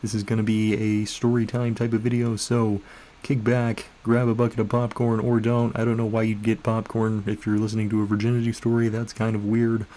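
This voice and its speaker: A young adult male YouTuber telling a story in a relaxed, wry, conversational way. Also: lowish voice. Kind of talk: storytime narration.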